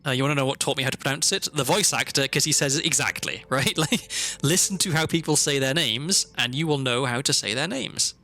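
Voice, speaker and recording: A man's voice: mid-range voice, brisk, sharp tone. A man from Wales, chatting casually as he streams a game and thinks aloud, with lots of fillers and restarts. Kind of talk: casual live gameplay commentary. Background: faint background music.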